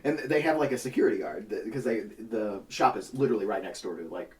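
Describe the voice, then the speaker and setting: A man's voice: lowish voice, fast talker, far from the mic. A man telling a long profane story in casual chat, acting out the people in it. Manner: profane, animated storytelling with quoted voices. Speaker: podcast guest telling a story. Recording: voice set back from the mic.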